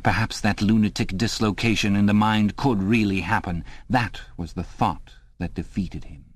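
A man narrating a novel in a calm, even, literary reading style. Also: low voice, no room sound. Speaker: audiobook narrator. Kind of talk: scripted narration.

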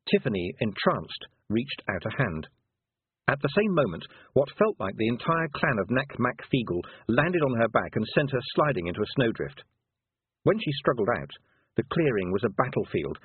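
A man narrates a storybook with an expressive, lively lilt that rises and falls a great deal. His voice is husky and comes through a thin, phone-like band. The recording is bone dry, with no room sound. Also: mid-range voice, no echo. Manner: expressive, varied delivery. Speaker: audiobook narrator.

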